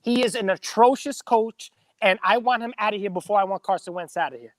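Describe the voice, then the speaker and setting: A man's voice: sits high, fairly quick. A man, a regular on a sports fan show, blunt and emphatic, hammering home his points. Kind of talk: heated sports fan podcast.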